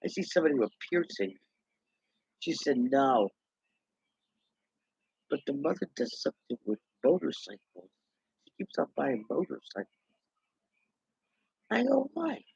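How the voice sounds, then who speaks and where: A man's voice: medium pitch, very animated, unhurried, creaky, long pauses, darkish tone, breathy edge, no echo. A man in a rambling, indignant gossip monologue, talking to himself. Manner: chatty, indignant, talks to himself. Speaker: vlogger. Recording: dull lo-fi dry recording.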